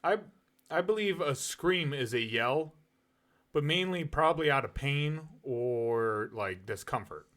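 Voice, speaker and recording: A man's voice: mid-range voice, expressive, measured pace, fairly bright tone. A man co-hosting a casual podcast chat, explaining his view step by step and pushing back in a debate. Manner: explains point by point, argumentative. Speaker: podcast co-host.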